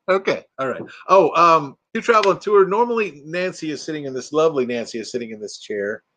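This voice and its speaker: An older man hosts a relaxed livestream, chatting with viewers and reading their comments aloud. His voice sits a little high for a man, and he laughs easily. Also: moderate pace, few pauses. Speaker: livestream host. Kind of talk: casual live chat with viewers. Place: home room with green screen.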